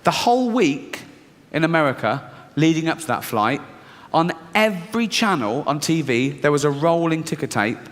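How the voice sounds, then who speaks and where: A man's voice: fairly high pitch, very animated, normal speed, a bit bright, big-room sound. A man performing a stand-up comedy routine, telling stories sardonically, mocking his own fears and swearing freely.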